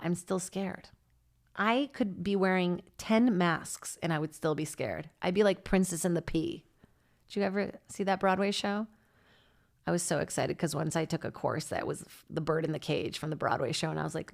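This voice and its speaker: A woman comedian hosting her own podcast, chatting in a rambling, playful and profane way. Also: medium pitch. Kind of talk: solo comedic podcast chat.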